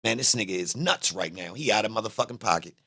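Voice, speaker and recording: A man's voice: lowish voice, lively intonation, fast talker, creaky, pushed and bright, no echo, studio quality. A man giving a heated, profane reaction to a clip, blunt and emphatic, often repeating his phrases.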